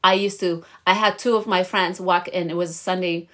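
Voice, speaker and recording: A woman's voice: on the low side, fairly even intonation, moderate pace, a bit bright. A young woman vlogger talking earnestly and emotionally, encouraging her viewers in a motivational chat. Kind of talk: motivational vlog talk.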